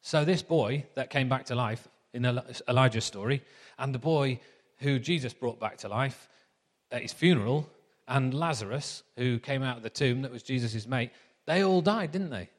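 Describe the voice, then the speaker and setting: A man preaching in a chatty, story-led way, his voice at an ordinary middle pitch. Each phrase trails into the long reverb of a church hall. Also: moderate pace. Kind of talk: sermon.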